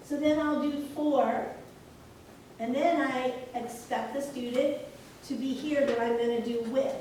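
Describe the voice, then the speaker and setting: A woman's voice: high voice, unhurried. A woman nursing instructor leading a staff training session, telling a story from her work and acting out both sides of the dialogue. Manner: animated storytelling, acts out dialogue. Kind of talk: in-service staff training talk. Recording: echoey room, mic far off, loud noise.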